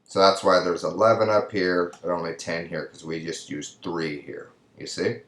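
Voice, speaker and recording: A man's voice: deep voice, little pitch movement, normal speed, a bit bright, roomy sound. A man teaching a Spanish grammar lesson, patiently explaining each answer step by step in English and Spanish. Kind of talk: recorded classroom lesson.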